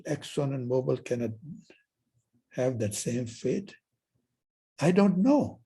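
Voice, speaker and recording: Husky storytelling male professor. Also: mid-range voice, animated, takes it slowly, dark tone. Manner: storytelling, acts out dialogues. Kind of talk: university lecture. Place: lecture hall.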